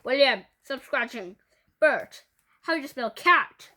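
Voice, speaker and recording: A woman's voice: a little high, animated, measured pace, heavily acted. A woman voicing a stern, bossy female teacher who barks orders at her class. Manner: sharp commanding.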